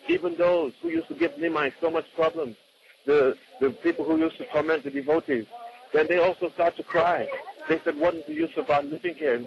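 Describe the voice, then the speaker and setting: A man's voice: fairly high pitch, vocal fry, lo-fi sound, a little hiss or hum. A man telling a devotional story off the cuff, often repeating words and acting out what the people in it said. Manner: unscripted, repeats words, acts out quotes.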